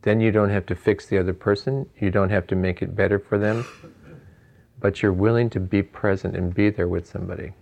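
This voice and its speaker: A man teaching meditation in an informal dharma talk. He muses aloud, chuckles between points, and fills his pauses with "you know.". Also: low-pitched, steady tone, gravelly, darkish tone.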